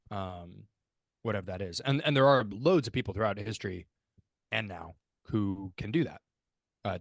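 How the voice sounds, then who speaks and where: With a lowish voice and no room sound, a man co-hosts a casual podcast, thinking out loud. He rambles thoughtfully, restarting sentences and using fillers.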